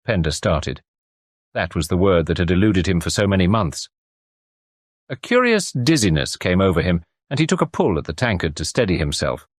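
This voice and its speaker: Male audiobook narrator, measured storytelling, low lively voice, dry recording. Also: dry recording. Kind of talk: scripted narration.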